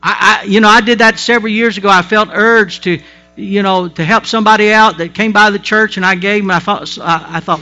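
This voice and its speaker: Male pastor, bright and high-pitched, emphatic folksy sermon delivery with stumbling restarts. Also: steady tone, fairly quick, soft background music. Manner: emphatic preaching with folksy asides and repeated restarts.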